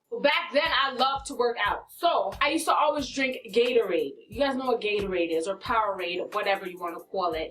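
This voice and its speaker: A woman's voice: high-pitched, sharp tone, distant mic, a little hiss or hum, rough recording. A woman telling a dramatic personal story for her vlog. She swears freely, asks rhetorical questions and acts out what people said. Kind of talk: storytime vlog, animated retelling.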